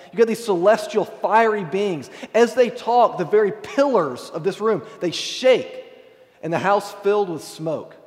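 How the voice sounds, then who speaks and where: A man's voice: high-pitched, darkish tone. A man preaching a sermon in a church, in a casual, conversational way, with frequent asides to the congregation. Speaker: pastor. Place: church sanctuary. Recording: long hall reverb.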